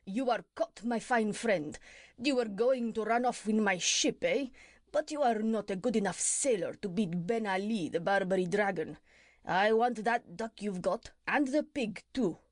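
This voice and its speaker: A woman's voice: mid-range voice, animated, unhurried, dry recording, studio quality, lightly acted. A woman voicing a boastful, villainous male pirate chief who mocks his captive. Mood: gloating. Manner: gloating, mocking.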